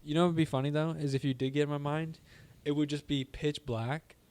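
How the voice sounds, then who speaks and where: A man's voice: a little high, flat delivery, fairly quick, a little mellow, clean tone. A young man co-hosting a casual podcast, rambling goofily and saying "dude" a lot. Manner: rambling, goofy, says "dude" and "freaking" often. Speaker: podcast co-host.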